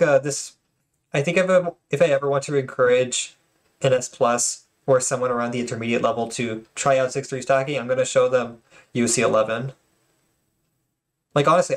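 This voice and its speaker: A man casually commenting on game replays, often stuttering and restarting his words, with apologetic asides. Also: medium pitch. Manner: self-conscious, apologetic asides.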